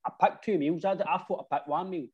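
A man's voice: on the high side, fairly quick, slightly rough, dull audio. Scottish man rambling through a story. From Scotland. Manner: rambling anecdotes with slang and frequent "right?". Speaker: football supporter telling stories. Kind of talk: casual chat.

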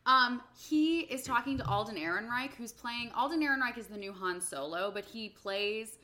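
A woman co-hosting a podcast, her voice bright and fairly high. She chats casually and rambles off on playful tangents, telling a story with lots of asides. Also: normal speed. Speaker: podcast co-host. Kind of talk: casual chat.

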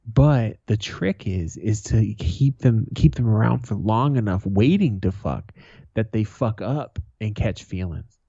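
A man's voice: on the low side, animated, unhurried, gravelly, warm tone, slightly rough, no room sound. A man in his thirties co-hosting a podcast, telling profane stories in casual banter and laughing often. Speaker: podcast co-host. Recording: dull lo-fi, dry.

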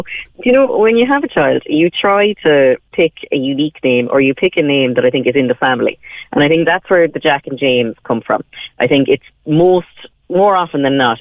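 A woman's voice: very deep voice, animated, normal speed, dry recording. A young Irish woman co-hosting a radio chat, chatty and laughing often as she tells stories. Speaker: radio co-host. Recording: tinny phone-like radio line.

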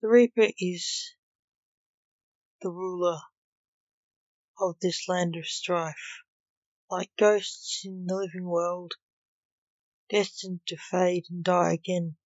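Slow, deliberate woman reading a story. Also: lowish voice, flat delivery, darkish tone, no room sound. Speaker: author and reader. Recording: dull lo-fi recording.

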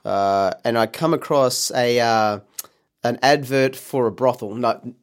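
A man's voice: medium pitch, measured pace. A man telling a comic story on stage, rambling and hesitant, interrupting himself as he goes. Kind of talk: stand-up comedy bit.

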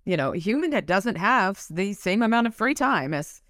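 A woman's voice: mid-range voice, sing-song, moderate pace, a bit bright, dry recording, studio quality. A woman co-hosting a podcast, chatting casually and animatedly about a book and reading passages aloud. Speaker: podcast co-host.

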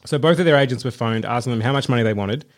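A man's voice: mid-range voice, racing. A man co-hosting a casual film podcast, reading out facts with enthusiasm and frequent laughter. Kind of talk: casual chat.

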